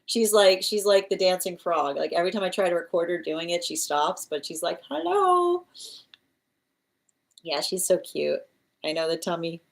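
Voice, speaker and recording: A woman giving live-streamed tarot readings, chatty and quick to laugh, cooing at her cat between readings at home. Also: on the low side, steady tone, creaky. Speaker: tarot reader.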